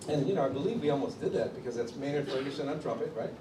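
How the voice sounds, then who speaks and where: A man from Chicago tells stories at a drum clinic in an animated way, acting out the people he quotes. His voice sits at an average pitch. He is picked up from across an echoey room with steady background noise. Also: racing, far from the mic. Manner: animated storyteller who acts out others' quotes. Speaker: drummer telling his story at a clinic. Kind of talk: storytelling interview.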